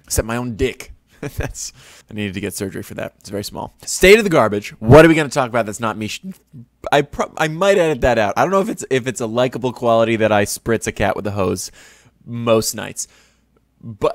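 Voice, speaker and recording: A man's voice: mid-range voice, no room sound. A young man hosting a podcast from his home studio, telling rambling stories with crude, self-mocking jokes. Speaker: podcast host. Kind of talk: casual rambling monologue.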